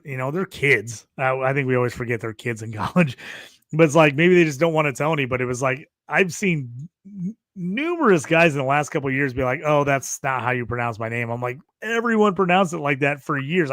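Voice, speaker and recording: Co-hosting a casual sports podcast, a man with a high-leaning voice talks fast and loosely, ranting animatedly and performing the quotes he cites. The recording is studio quality with no echo.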